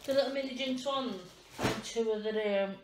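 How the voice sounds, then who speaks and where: A woman in her thirties talks in a slightly high voice at a moderate pace, rambling and poking fun at herself in a casual vlog as she wraps presents at home. The room is echoey, and background noise is clearly audible.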